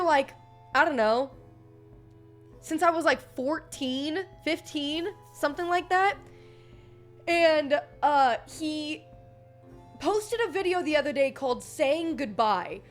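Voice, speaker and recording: A young woman streamer in casual, rambling chat, swearing and laughing often and mimicking other people's voices. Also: extremely high pitch. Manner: animated voice swings, mimics others.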